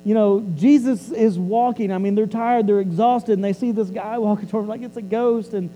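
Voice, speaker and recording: A male preacher with a high but very mellow, warm voice. He tells his sermon like a story, chatty and loose. He often doubles back on his words as he goes. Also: fairly even intonation, a little fast, big-room sound, slight background noise, poor audio. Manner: conversational, repeats and restarts words.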